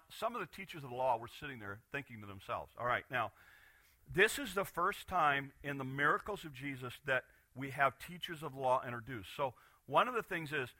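A man preaching a Sunday morning sermon as pastor, retelling a Bible story with animated voices for the people in it. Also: a little high, dry recording.

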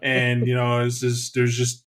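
Bright, animated man chatting casually. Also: mid-range voice, a little slow. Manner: animated, acts out voices and shouts in bursts. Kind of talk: casual chat about tabletop games.

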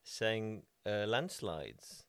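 A man's voice: on the low side, expressive, extremely slow, a bit bright, clear, resonant tone, no room sound. A man from the Netherlands with a Dutch accent, co-hosting a podcast, chatty and laughing, often trailing off mid-sentence. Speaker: podcast co-host. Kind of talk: casual chat.

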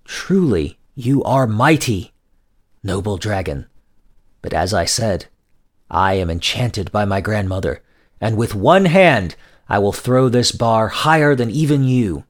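A man's voice: fairly low pitch, lively intonation, a little slow. A man voicing a clever young merchant trickster, speaking boldly and boastfully. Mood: flattering.

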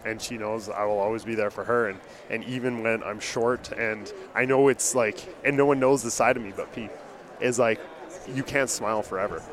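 The dentist's voice sits lowish, with a steady tone and a moderate pace. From a conference booth in a crowded, chattering hall, he hosts his podcast with emotional, earnest casual conversation, repeating words as he goes.

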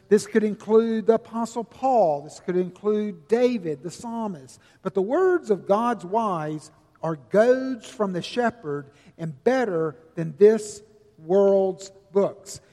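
An older man preaching a sermon, earnest and folksy, telling stories with slow, emphatic stretches. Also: sits high, lively intonation, darkish tone. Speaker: pastor. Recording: long reverb of a large hall.

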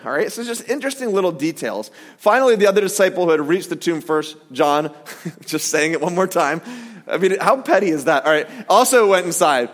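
A man preaching a sermon in a casual, animated way, with jokey asides. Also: high voice, long reverb tail. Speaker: pastor.

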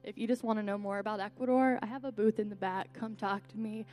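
A woman's voice: mid-range voice, fairly even intonation, fast, darkish tone, faint music behind. Young woman missionary giving an earnest church talk, heartfelt testimony vibe. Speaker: missionary speaker. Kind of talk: church teaching.

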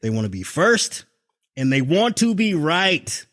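A man's voice: a little high, very animated, unhurried, a bit bright. Profane sarcastic male podcast host. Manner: profane, sarcastic, laughs often. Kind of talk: casual political chat. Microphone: video call.

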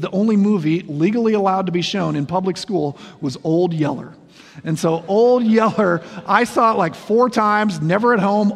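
A man in his forties preaching a sermon, speaking in a conversational, self-deprecating way with humorous asides. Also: high-pitched. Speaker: pastor. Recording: long reverb of a large hall.

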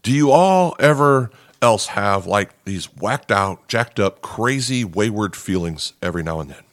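A man's voice: on the low side, animated, unhurried, dry recording. Earnest male pastor preaching, dry sound. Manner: earnest and conversational, repeats words, often asks "okay?". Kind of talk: sermon. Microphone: podcast microphone.

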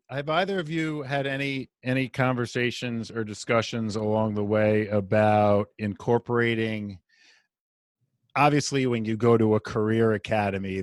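A man hosting a podcast, asking halting, conversational questions. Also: fairly low pitch, no echo, clean studio sound. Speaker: podcast host. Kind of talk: podcast interview.

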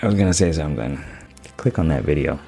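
Male life coach, podcast monologue, very deep voice, casual and earnest. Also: expressive, quick pace, creaky, mellow, slightly rough, soft background music. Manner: earnest and casual, with many fillers. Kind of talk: self-help podcast monologue.

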